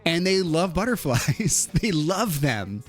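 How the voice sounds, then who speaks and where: Animated high-voiced man chatting on stream. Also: slow pace. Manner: animated, laughs often, lively. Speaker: livestream host. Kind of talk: casual chat reading viewer comments. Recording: faint music behind.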